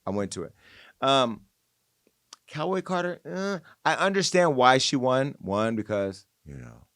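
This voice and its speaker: A man hosting a podcast, giving casual, opinionated pop-culture commentary in an animated, gossipy way. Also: medium pitch, unhurried, no echo, studio quality. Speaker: podcast host.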